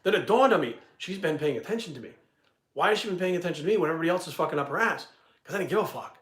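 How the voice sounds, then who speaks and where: Middle-aged man, rapid profane advice, slightly high voice, echoey room. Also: lively intonation, a bit bright. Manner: blunt, swears constantly, repeats points. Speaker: fitness channel host answering viewer questions. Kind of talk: profane casual advice talk.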